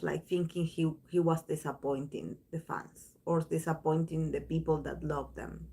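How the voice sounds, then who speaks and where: A woman talks to her viewers in an unhurried, loose chat, drifting between thoughts and restarting her sentences. Her voice sits fairly low, and she takes her time with every phrase. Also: creaky. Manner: rambling, many restarts and fillers. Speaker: tarot channel host.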